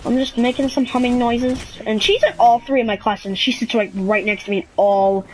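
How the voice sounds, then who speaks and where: A woman's voice: on the high side, fairly quick, rough recording. A teenage girl telling a rambling, chatty school story to camera, full of fillers and asides. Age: teens. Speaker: student vlogger.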